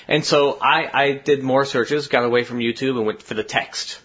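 A man's voice: mid-range voice, moderate pace, slightly rough. A man co-hosting a podcast, talking casually and rambling with many restarts. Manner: rambling, restarts, trails off quietly. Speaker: podcast co-host. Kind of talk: casual chat. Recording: dull lo-fi podcast audio.

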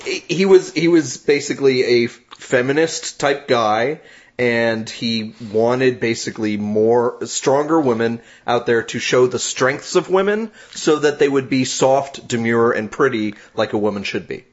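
A man, co-hosting a podcast with deadpan jokes in casual banter. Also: medium pitch, a little slow, lo-fi sound. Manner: deadpan joking. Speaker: podcast co-host.

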